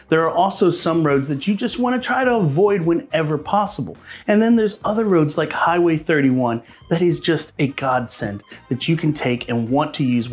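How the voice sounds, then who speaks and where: Man from Pennsylvania, realtor, casual vlog, friendly, chatty, higher voice, faint music bed. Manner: friendly, chatty, addresses viewers as guys. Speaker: realtor and local vlogger. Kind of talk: casual advice vlog to camera.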